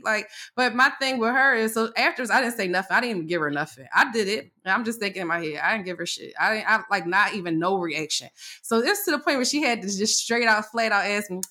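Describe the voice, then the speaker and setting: A woman co-hosting a casual talk show, telling a story candidly, swearing freely and acting out what people said, often laughing. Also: fast. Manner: laughs often, pitch jumps up when excited. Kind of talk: casual chat.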